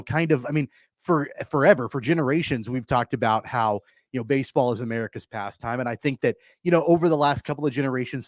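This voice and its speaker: A man co-hosting a sports radio show, speaking in an earnest, measured way with frequent fillers into a studio microphone. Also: medium pitch, dry recording. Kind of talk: casual sports talk.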